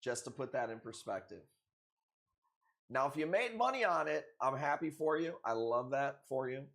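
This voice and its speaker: A man's voice: mid-range voice, animated, normal speed, vocal fry, a bit bright. A man hosting a live coral sale stream, chatting casually with viewers in a loose, profane, joking way. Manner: loose, profane, joking banter with frequent laughs.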